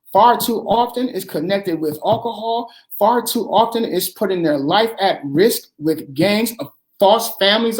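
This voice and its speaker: A man's voice: sits high, darkish tone. A man hosting an earnest advice talk, speaking emphatically and repeating his phrases, with plenty of fillers.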